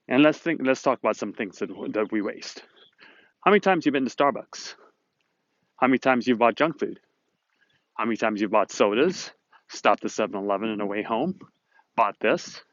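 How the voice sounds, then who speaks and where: A man's voice: mid-range voice, animated, normal speed, long pauses, a bit bright, dry recording, highs cut off. A man hosting a motivational video series, talking to the camera in a chatty, upbeat way and rambling a little as he retells a conversation. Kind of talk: casual talking-to-camera monologue. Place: Southern California.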